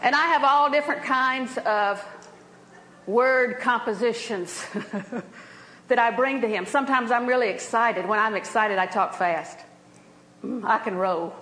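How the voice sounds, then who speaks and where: Lively woman preaching in an echoey hall. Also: a little high, measured pace, slight background noise. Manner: lively, laughing, storytelling preacher. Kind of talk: sermon.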